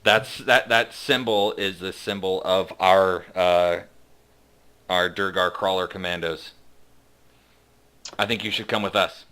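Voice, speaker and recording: A man's voice: low-pitched, fairly even intonation, unhurried, long pauses, sharp tone, clean tone. A man voicing a stern male dwarf patrol leader who barks commands and interrogates travelers. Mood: threatening.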